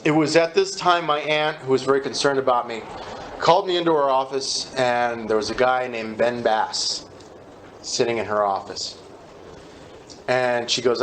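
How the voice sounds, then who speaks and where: A man candidly telling his personal recovery story in a conversational, halting way at a meeting. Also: medium pitch, a bit bright, a little hiss or hum.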